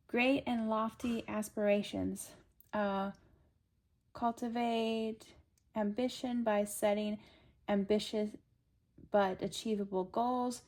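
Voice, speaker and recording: A woman's voice: mid-range voice, steady tone, slow, long pauses, darkish tone, a little hiss or hum. A woman giving a casual tarot reading. She reads card meanings aloud and then riffs on them, chatting straight to the viewer in an upbeat, coaxing way. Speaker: tarot reader.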